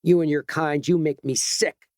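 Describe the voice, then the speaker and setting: A man's voice: a little high, steady tone, moderate pace, dry recording, clean studio sound, pitched above the performer's own voice, close to an everyday voice. A man doing a tight-voiced outraged store owner. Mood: indignant. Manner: tight-voiced, lecturing, rising to shouts. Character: indignant male store owner, tense and stern.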